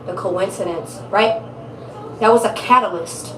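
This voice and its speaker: A woman's voice: medium pitch, measured pace, fairly bright tone, roomy sound, far from the mic, slight background noise, rough recording. A woman giving a casual tarot reading, blunt, emphatic and profane, repeating her points for stress. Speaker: tarot reader.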